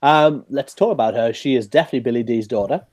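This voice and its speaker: Excitable male podcast co-host, mellow tone. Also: mid-range voice, fast, no room sound. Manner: excitable, laughs often. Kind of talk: casual fan discussion.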